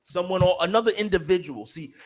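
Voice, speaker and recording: A man co-hosting a podcast, telling a story in casual chat, profane and heated, animated as he goes. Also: high-pitched, fast talker. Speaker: podcast co-host.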